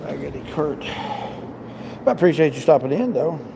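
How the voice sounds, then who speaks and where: A man's voice: on the high side, expressive, brisk, creaky, heavy background noise. Chatty man livestreaming while shopping. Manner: chatty, joking, mildly exasperated. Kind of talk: casual live chat while working. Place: large store.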